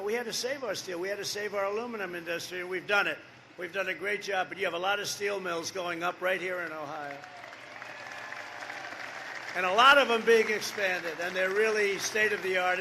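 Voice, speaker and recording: A man's voice: high voice, sharp tone, slight background noise. Older man rambling through a rally speech. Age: 70s. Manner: rambling, repetitive, with off-script asides to the audience. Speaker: political candidate. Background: rally crowd.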